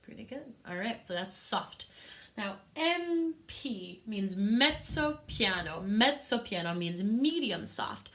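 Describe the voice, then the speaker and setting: A woman's voice: medium pitch, lively intonation, takes it slowly, a bit bright. A woman teaching a music lesson to young children, patient and encouraging, with a sing-song teacher manner.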